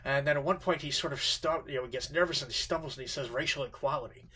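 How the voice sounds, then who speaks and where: A man teaching literature in an informal lecture, halting with many fillers and restarts. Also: a little high, pushed and bright, breathy edge.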